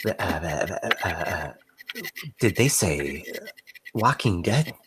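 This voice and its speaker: A man's voice: low-pitched, expressive, slow, a bit bright, breathy edge, dry recording, pitched below the performer's own voice, full character voice. A man voicing a skinny, jumpy, timid innkeeper who stammers nervously in a tabletop game.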